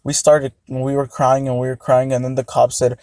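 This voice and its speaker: Young guy, casual storytime, rambling with lots of ums, mellow tone, dry close sound. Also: medium pitch, monotone, moderate pace, no echo. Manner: rambling, hesitant, many fillers. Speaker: vlogger.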